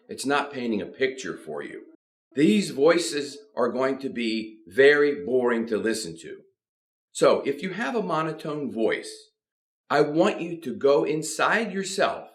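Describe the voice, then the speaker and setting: A middle-aged man teaching a speaking lesson, upbeat and encouraging, swooping his pitch high and low to demonstrate. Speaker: voice and speaking coach. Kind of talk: instructional video lesson.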